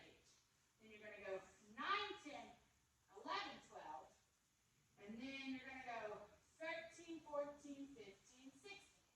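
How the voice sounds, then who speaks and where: A woman's voice: sits high, pushed and bright, recorded from a distance, a little hiss or hum. A woman teaching color guard flag choreography, counting beats aloud and checking in with "okay?" and "right?" as she demonstrates. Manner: demonstrating moves while talking. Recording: echoey space, voice from off-mic.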